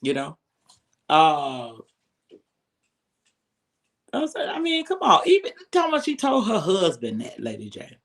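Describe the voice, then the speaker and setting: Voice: huge pitch swings, measured pace, long pauses, a bit bright. Profane, sarcastic reality-show rant. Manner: heated, sarcastic, swings from low mutters to high exclaims.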